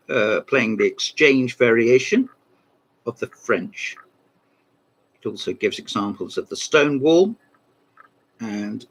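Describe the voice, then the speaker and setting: A man's voice: mid-range voice, husky. A man in a rambling comic monologue about old books, breaking off into mock phone calls and asides. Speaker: comedy book reviewer.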